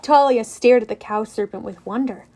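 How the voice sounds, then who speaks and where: A woman narrating an audiobook in an expressive way. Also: fairly high pitch, moderate pace. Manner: expressive, voices characters.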